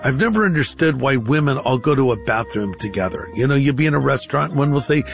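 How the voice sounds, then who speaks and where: A man who is a pastor, telling a lively first-person anecdote and acting out both sides of the dialogue. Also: mid-range voice, fast talker, creaky, faint music behind. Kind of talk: anecdote told on radio.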